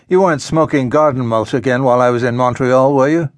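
A man's voice: medium pitch, quick pace, no echo, lightly acted. A male audiobook narrator voicing a middle-aged woman who teases her friend in an easygoing, wry way. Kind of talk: audiobook character voice.

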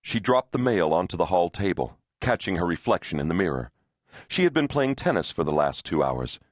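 A man with a fairly low voice narrating a thriller audiobook. He reads in a steady, tense storytelling manner. The recording is dry and close, with no room sound. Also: fairly quick, dry recording.

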